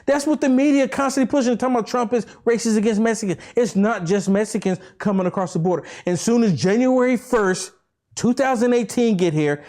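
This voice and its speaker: A man giving an impassioned political rant to camera, repeating himself and firing off rhetorical questions, swinging between fervent near-shouting and low, slow preaching. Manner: repetitive, rambling, with urgent rhetorical questions. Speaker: political vlogger.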